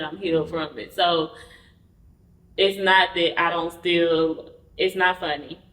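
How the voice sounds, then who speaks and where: A woman guest telling a personal story in an interview. She talks candidly and acts out the quoted dialogue with lively energy. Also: lowish voice, takes it slowly, pauses often. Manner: candid, conversational. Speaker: podcast guest. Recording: roomy, mic at a distance.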